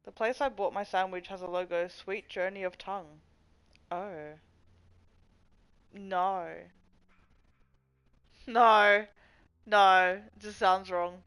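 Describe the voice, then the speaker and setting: A woman's voice: medium pitch, steady tone, slow pace, long pauses, fairly bright tone, smooth, poor audio. Chatty swearing woman streamer. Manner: rambling, swears freely, answers chat. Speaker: livestream host. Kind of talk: casual live-stream chat. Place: at home.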